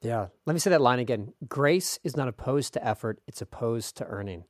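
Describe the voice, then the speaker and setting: A man hosting an interview, animated and self-deprecating, laughing easily as he reacts to his guest. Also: mid-range voice, brisk, no echo, studio quality. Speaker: podcast host. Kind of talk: casual interview chat.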